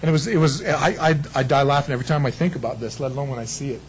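A man's voice: medium pitch, very fast, a little hiss or hum, rough recording. A man preaching a sermon, telling stories with laughter and acted-out quotes. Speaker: pastor.

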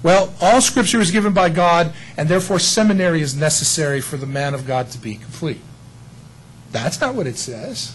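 A middle-aged man preaching a sermon, teaching a Bible verse in an animated way and joking about his own stories. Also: high-pitched, slight background noise, low-quality recording. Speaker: pastor.

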